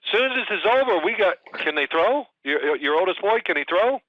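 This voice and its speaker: An older man, a guest on a chat show, telling animated family stories and putting on shouted voices in them. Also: high-pitched, brisk, no echo. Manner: animated storyteller, mimics shouting in anecdotes. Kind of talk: casual podcast chat. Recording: dry, muffled audio.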